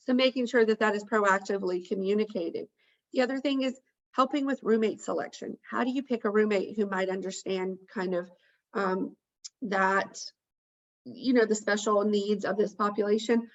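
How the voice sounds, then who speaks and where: A woman's voice: medium pitch, lo-fi sound. A woman presenting on a webinar, talking through a list of points in an earnest way with frequent ums. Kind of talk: informational webinar talk. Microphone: video call.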